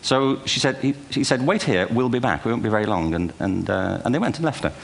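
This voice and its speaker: Expressive and brisk, with vocal fry in his mid-range voice, an older man gives a comic keynote lecture to a live audience in a large auditorium. He relies on wry asides and self-deprecating anecdotes.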